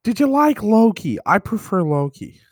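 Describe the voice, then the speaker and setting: A man's voice: high-pitched, big pitch swings, normal speed, darkish tone, no echo, studio quality, pitched above the performer's own voice. A man doing an impression of a laid-back male film actor, drawling and repeating himself.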